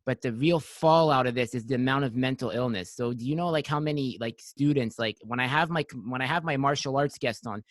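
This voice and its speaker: Emphatic podcast host, lots of "like". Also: male voice, medium pitch, a little fast, few pauses, no echo. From Quebec. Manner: emphatic, repeats himself, many "like" fillers. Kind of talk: casual chat.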